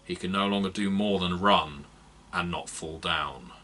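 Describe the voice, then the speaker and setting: A man narrating a fantasy novel aloud in a measured, expressive reading. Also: deep voice, a little hiss or hum. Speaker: audiobook narrator. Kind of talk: scripted narration.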